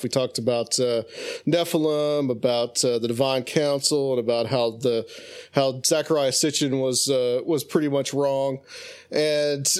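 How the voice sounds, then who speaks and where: A man's voice: mid-range voice, clean tone. A man with a mid-range voice hosts a radio talk show. He talks loosely and chattily. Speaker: host.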